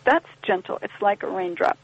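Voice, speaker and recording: A woman's voice: medium pitch, normal speed, slightly rough, no room sound. A woman guest on a podcast, explaining ideas in a thoughtful, wry conversational way and acting out little quoted exchanges. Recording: dull lo-fi podcast audio.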